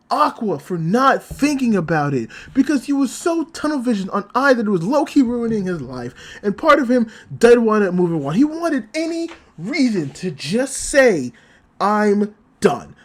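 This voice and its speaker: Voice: medium pitch, big pitch swings, moderate pace. A VTuber reviewing an anime episode in a casual, emotional way, swearing often and close to crying. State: choked up, near crying.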